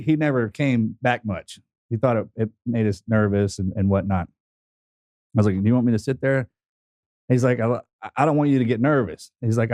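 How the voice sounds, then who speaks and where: A man's voice: medium pitch, dry recording, clean studio sound. A man co-hosting a podcast, telling family stories in casual chat and acting out the voices. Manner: animated storyteller acting out voices. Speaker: podcast co-host.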